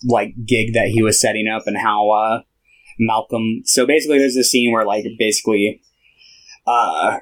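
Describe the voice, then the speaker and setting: Young man, low-pitched, casual film talk, relaxed rambling delivery. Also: normal speed, low-quality recording. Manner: relaxed retelling with many fillers. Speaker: podcast co-host.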